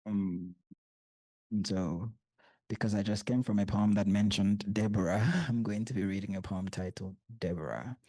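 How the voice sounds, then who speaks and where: A man, a poet giving a bookstore reading and reciting in measured, deliberate short phrases. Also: fairly low pitch, warm tone, husky, no room sound. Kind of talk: poetry reading with spoken asides.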